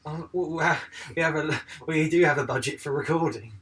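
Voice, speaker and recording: A man's voice: fairly high pitch, brisk, a bit bright, recorded from a distance. A man co-hosting a podcast in casual chat, laid-back and joking, swearing freely. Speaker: podcast co-host.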